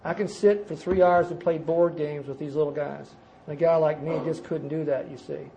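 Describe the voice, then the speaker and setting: An older man giving a personal recovery testimony at a conference, telling his story emphatically, jumping from loud bursts to quiet asides. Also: on the high side, steady tone, moderate pace, vocal fry, rough recording. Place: conference gathering before a live audience.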